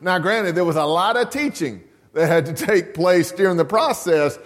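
Conversational pastor in a reverberant church. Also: male voice, high-pitched, moderate pace. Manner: conversational, chuckling, asks the congregation questions. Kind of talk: sermon. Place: church sanctuary.

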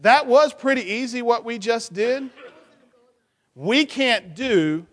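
A man leading a children's church session, playful and animated, teasing the kids with questions and cheering a young helper. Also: very high voice, takes it slowly, long reverb tail, a little hiss or hum. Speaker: children's pastor.

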